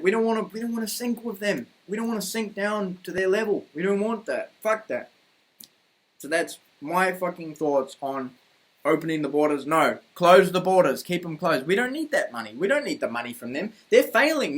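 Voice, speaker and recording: A man's voice: high voice, a bit bright. A man with a New Zealand accent delivering a rambling, profane, heated opinion rant to camera at home. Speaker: vlogger. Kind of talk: ranting opinion monologue. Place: room at home.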